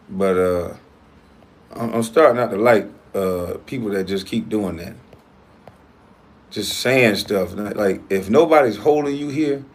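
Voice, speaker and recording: A man's voice: fairly low pitch, husky. A man hosting his own livestream, talking in a casual, blunt and profane way as he confronts a critic. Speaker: livestream host.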